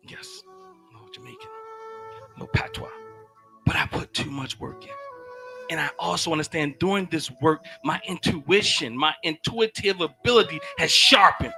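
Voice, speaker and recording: A man giving an impassioned sermon-style talk in a casual, preacherly way, swinging from loud shouts down to low murmurs and repeating phrases. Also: big pitch swings, moderate pace, creaky, soft background music. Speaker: speaker giving a teaching.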